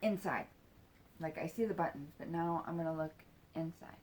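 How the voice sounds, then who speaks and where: A woman's voice: low voice, normal speed, darkish tone, slight background noise. A woman in her forties telling a personal story in a casual, rambling way, with lots of fillers and swearing. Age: 40s.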